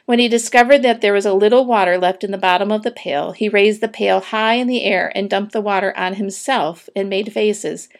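A woman narrating a children's book aloud, with steady storytelling and a few small slips. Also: mid-range voice, fairly quick, few pauses.

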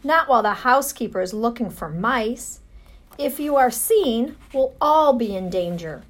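Woman voicing a mother mouse, worried, pleading, higher voice, storybook. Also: expressive, measured pace. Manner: pleading, fretful.

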